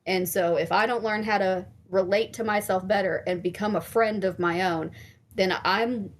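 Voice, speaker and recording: A woman's voice: medium pitch, steady tone, normal speed. A woman therapist and life coach, a guest on a casual podcast, talking frankly with some swearing and plenty of fillers.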